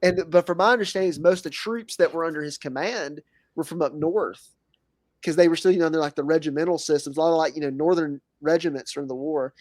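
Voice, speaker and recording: A man's voice: fairly high pitch, fast, a little mellow, dry recording. A man talking as a podcast guest in casual chat, rambling with many fillers.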